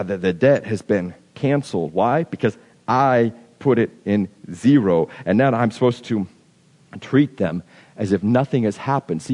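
A man's voice: lowish voice, warm tone, long reverb tail. A man preaching a sermon in a conversational way, acting out the objections of his listeners. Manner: conversational, acts out imagined objections.

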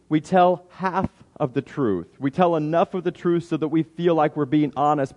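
A man's voice: mid-range voice, mellow. A man preaching a sermon, often restarting his words and acting out everyday excuses. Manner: stammering restarts, acts out quoted excuses. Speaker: pastor. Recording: long hall reverb.

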